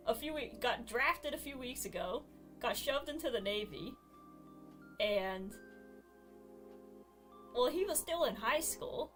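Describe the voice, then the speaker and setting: A woman casually retelling a story with animated, giggly energy. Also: on the high side, takes it slowly, pauses often, faint music behind. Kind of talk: casual storytelling while gaming.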